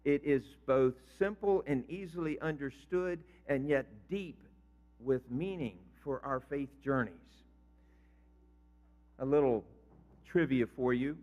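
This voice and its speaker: A man's voice: medium pitch, slow pace, darkish tone. Older pastor guy preaching, asks the crowd questions, echoey hall, kinda dull audio. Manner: conversational, quizzes the congregation. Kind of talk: sermon. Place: church sanctuary. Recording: reverberant hall, dull lo-fi sound.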